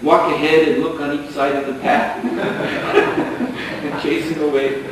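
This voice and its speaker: A calm, motherly older woman, as a man telling a story puts her on, soothes and gently chides. The voice is a little high. It comes from far off in a very echoey hall. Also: takes it slowly. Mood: reassuring. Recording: echoey hall, distant mic, faint noise.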